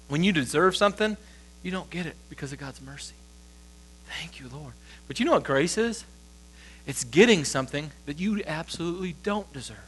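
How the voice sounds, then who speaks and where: A man in his thirties preaching a sermon in church. He talks in a conversational way and asks the crowd questions, then answers them himself. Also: rough recording. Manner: rises high and loud when acting out lines. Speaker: pastor.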